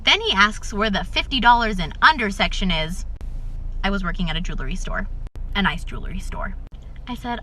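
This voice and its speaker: A woman's voice: mid-range voice, lively intonation, a little fast, bright, forceful tone, a little hiss or hum, rough recording. A woman telling a casual storytime to her phone, animatedly acting out the voices in her story. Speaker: storyteller recounting a work encounter.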